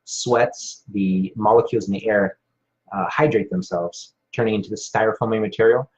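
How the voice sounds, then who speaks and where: Reading viewer comments on his Hawaii live stream, the host rambles along casually, full of fillers and restarts. The recording is dull lo-fi, and his fairly low voice keeps a steady tone at normal speed.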